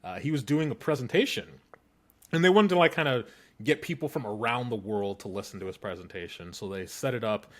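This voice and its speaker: A man co-hosting a casual podcast who laughs easily and tells stories with lively emphasis. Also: mid-range voice, brisk. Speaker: podcast co-host.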